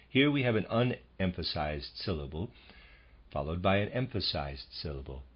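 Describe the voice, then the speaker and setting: A man with a very low, slightly husky voice reads a lecture in a measured, formal way. The audiobook sound is a little dull and lo-fi. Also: big pitch swings. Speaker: audiobook narrator. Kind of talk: scripted audiobook reading of a lecture.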